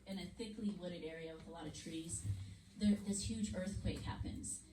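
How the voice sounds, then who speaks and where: A woman teaching a Bible story lesson to children in a church classroom, with an animated storytelling manner. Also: lowish voice, normal speed. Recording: echoey room, far mic, noisy.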